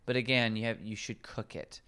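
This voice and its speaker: A man's voice: on the low side, little pitch movement, fairly quick, a bit bright, clean tone. A man, a nutrition coach, explaining herbs in casual podcast conversation, rambling and correcting himself as he goes.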